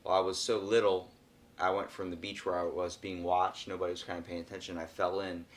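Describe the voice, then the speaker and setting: A young man hosting a casual podcast conversation, his voice sitting on the low side. He tells stories with animation and acts out the people in them, jumping between quoted voices. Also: level tone, brisk, slight background noise. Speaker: podcast host. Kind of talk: casual chat.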